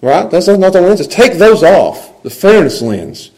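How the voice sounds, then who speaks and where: A male pastor preaching a sermon, animated and conversational, often checking in with his listeners. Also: sits high, a little slow, poor audio.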